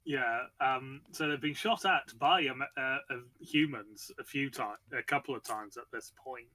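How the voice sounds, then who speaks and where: A man's voice: medium pitch, normal speed, bright, forceful tone. A man hosting a casual book chat, rambling with many fillers and restarts. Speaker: podcast host discussing a book.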